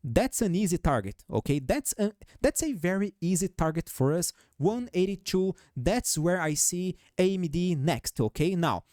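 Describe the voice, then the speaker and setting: A man's voice: sits high, big pitch swings, normal speed, hardly any pauses, darkish tone, no echo, studio quality. A man with a noticeable foreign accent who hosts a show on stock charts. He walks viewers through chart levels and keeps checking in with "okay?" and "guys". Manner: peppers talk with "okay?", "right?" and "guys". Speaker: stock market analyst host. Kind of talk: technical chart analysis commentary.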